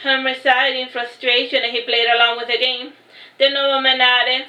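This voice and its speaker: A woman's voice: high-pitched, level tone, normal speed, sharp tone. A woman reading her own novel aloud as an audiobook narrator, unpolished, with frequent restarts. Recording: roomy echo.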